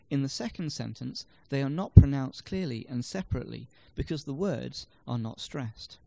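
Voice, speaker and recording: Example sentences demonstrate word stress as a man reads measured, explanatory narration for a scripted language lesson. His medium-pitched voice is creaky and mellow, with lively intonation.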